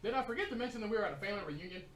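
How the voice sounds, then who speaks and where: A man's voice: sits high, lively intonation, very fast, background noise. A man with an Indiana accent doing a crude, rambling stand-up set full of fillers in a small comedy club. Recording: roomy club sound from a distant mic.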